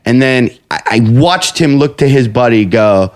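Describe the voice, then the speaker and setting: Comedian, man, casual banter, jumps into high mocking voices. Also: moderate pace, smooth. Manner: animated storytelling with bursts of high mimicry. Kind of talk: casual chat.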